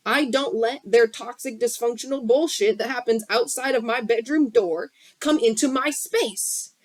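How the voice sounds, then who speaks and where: On a live stream from her bedroom, a spiritual coach gives a blunt, impassioned motivational talk about healing, swearing freely. Her voice is on the high side, picked up by a phone mic with no echo.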